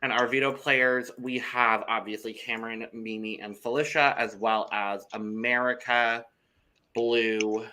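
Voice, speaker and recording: A man's voice: mid-range voice, fairly even intonation, unhurried, sharp tone. A young man co-hosting a podcast in casual chat, talking loosely, with some swearing and repeated words. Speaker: podcast co-host.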